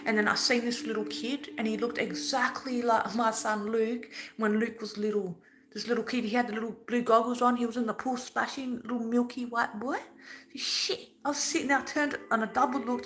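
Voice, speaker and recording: A woman's voice: a little high, fairly even intonation, brisk, fairly bright tone, low-quality recording. A woman giving an earnest, preachy spiritual talk in a casual way, swearing now and then. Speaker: spiritual vlogger.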